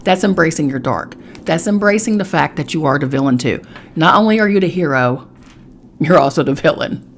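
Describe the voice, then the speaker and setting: A woman hosts a spiritual talk podcast, her voice low for a woman. She talks in a blunt, lively, chatty way and drops casual swear words. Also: brisk, slight background noise. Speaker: podcast host.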